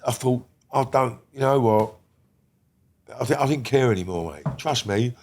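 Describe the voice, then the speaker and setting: A man's voice: medium pitch, moderate pace, a little mellow. A middle-aged man telling stories as an interview guest, swearing often and speaking in a heated, emphatic way. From Britain. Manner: heated, profane, emphatic storytelling. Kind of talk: casual storytelling.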